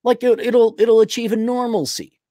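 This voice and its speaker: A man's voice: very high voice, fairly even intonation, moderate pace, dark tone, dry recording, clean studio sound. A man in his thirties hosting a podcast, rambling and sarcastic in casual livestream commentary. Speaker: podcast host.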